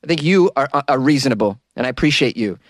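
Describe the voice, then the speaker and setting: A man's voice: medium pitch, expressive, quick pace, no room sound. A man hosting a podcast from a small closet studio, chatting casually in a joking, rambling way. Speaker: podcast host. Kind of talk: casual chat.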